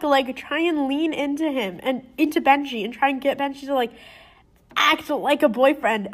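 A young woman co-hosting a casual book discussion podcast, teasing and laughing as she talks. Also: sits high. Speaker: podcast co-host.

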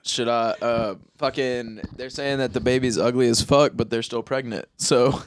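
A man's voice: medium pitch, fairly even intonation, normal speed. A young man co-hosting a podcast, teasing his friend with crude jokes and laughter. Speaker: podcast co-host. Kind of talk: casual banter.

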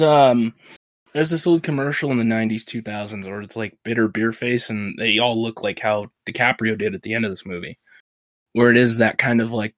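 A man's voice: medium pitch, no room sound, clean studio sound. A man co-hosting a podcast, stuffy from a sinus infection, telling stories with frequent laughter. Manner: laughing, animated storyteller. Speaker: podcast co-host. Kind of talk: casual chat.

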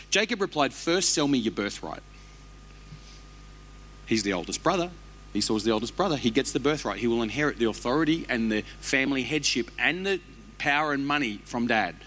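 A man, preaching a sermon as a pastor with animated, humorous storytelling. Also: medium pitch, a little hiss or hum.

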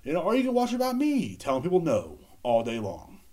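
A man's voice: fairly high pitch, huge pitch swings, a little fast, mellow. A man hosting a casual solo podcast, rambling and joking with lots of swearing and filler words. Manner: rambling, joking, profane, laughs at own bits. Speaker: podcast host.

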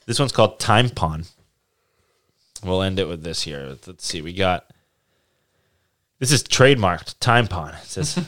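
Young male podcast host with a low, animated voice and a giggly, easygoing card-reading delivery. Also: slow, long pauses. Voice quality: laughs often, breaking into high-pitched laughter. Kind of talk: casual podcast chat reading party-game cards.

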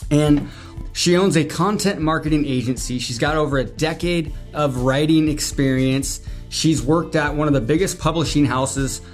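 A man's voice: a little high, normal speed. A man hosting a podcast, opening the show and introducing a guest in an upbeat, enthusiastic way. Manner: upbeat, enthusiastic announcer delivery. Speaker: podcast host. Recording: guitar music playing under the voice.

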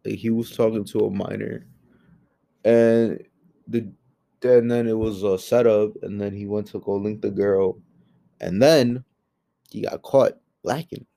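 Hosting his own solo podcast, a man rants in a heated, profane, exasperated way. He swings between low mutters and loud outbursts.

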